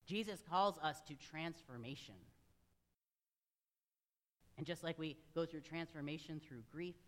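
A man delivering a sermon in a church, his voice sitting a little high for a man. He preaches earnestly but keeps it conversational, with direct asides to the people in front of him. A long reverb from the large room trails behind each phrase. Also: fairly bright tone. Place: church sanctuary.

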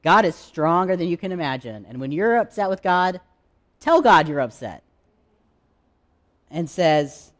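A male pastor delivers a sermon to his congregation. His voice sits a little high for a man, and he talks candidly and conversationally, pausing for effect. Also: expressive. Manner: conversational, candid preaching with dramatic pauses.

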